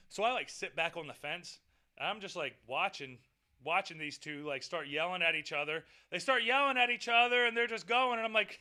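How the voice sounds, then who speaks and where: A man's voice: high voice, expressive, moderate pace, sharp tone. A man casually telling a personal story, rambling and repeating himself, with frequent swearing. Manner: rambling, repetitive and profane. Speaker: vlog host.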